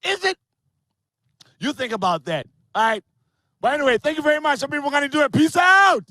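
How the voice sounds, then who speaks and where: A brash stand-up comedian with a high-pitched man's voice, crude and animated as he spins his jokes. The sound is dry and close, with no room around it. He jumps between big shouted punchlines and quick asides. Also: no room sound. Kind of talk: online stand-up set.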